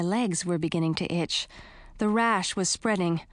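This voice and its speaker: A woman's voice: lowish voice, measured pace, no room sound. A woman narrating a children's storybook expressively, speaking as a princess frog in first person. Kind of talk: storybook reading.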